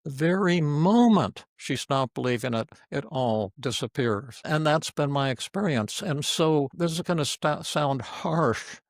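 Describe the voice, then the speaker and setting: A man's voice: on the high side, lively intonation, a little slow, hardly any pauses, dry recording, clean studio sound. An older man, a psychiatrist and teacher, giving an informal teaching talk full of stories, speaking bluntly and frankly.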